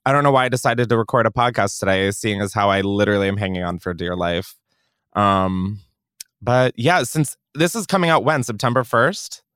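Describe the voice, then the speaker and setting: A man's voice: on the low side, animated, brisk, a bit bright, clean tone, dry recording. A young man hosting a podcast in a studio, chatting casually in a rambling, crude, self-mocking way. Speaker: podcast host. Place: recording studio.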